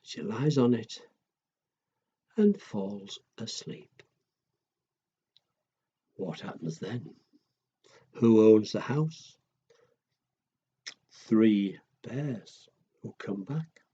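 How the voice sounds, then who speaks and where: A man telling a children's story in a gentle, exaggerated storytime way. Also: fairly low pitch, animated, extremely slow, pauses often, breathy edge, highs cut off.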